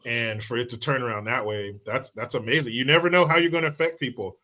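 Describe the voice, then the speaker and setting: Bright-toned man hosting a casual podcast. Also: medium pitch, fast. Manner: blunt, salty reactions. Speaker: podcast host. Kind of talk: casual interview chat.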